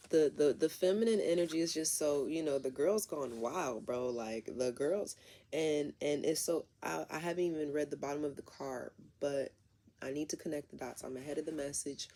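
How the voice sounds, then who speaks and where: A woman's voice: deep voice, normal speed, warm tone. A woman doing a casual tarot reading who rambles and talks straight to her viewers. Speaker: tarot reader.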